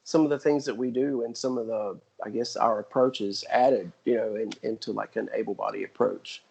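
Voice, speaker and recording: A man's voice: lowish voice, steady tone, creaky, a little mellow, slightly rough, low-quality recording. A man in his forties, a guest on a podcast, talking casually with lots of fillers and restarts. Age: 40s. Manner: halting, with many fillers and restarts. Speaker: guest athlete. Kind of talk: casual interview chat.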